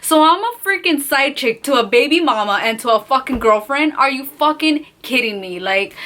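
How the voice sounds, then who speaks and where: A young woman telling a storytime vlog, animated and profane, acting out the other people's voices as she goes. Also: sits high, moderate pace, hardly any pauses. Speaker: vlogger.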